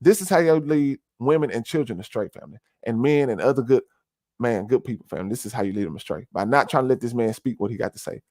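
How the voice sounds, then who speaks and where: A man's voice: medium pitch, animated, quick pace, darkish tone, no room sound. Preachy man, close dry mic. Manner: preachy, repeats "family", heavy fillers. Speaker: commentary streamer. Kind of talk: casual conspiracy commentary.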